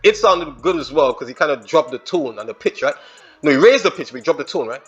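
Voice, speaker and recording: Reaction host: guy, high lively voice, slangy and excited, faint music behind. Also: fast talker, muffled recording. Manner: excited, slangy, rambling breakdown of lyrics. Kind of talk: casual reaction commentary.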